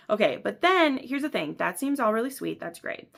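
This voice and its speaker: A woman's voice: lowish voice, expressive, normal speed, gravelly, few pauses, fairly bright tone. A woman book vlogger reading passages aloud and reacting with gushing enthusiasm between them.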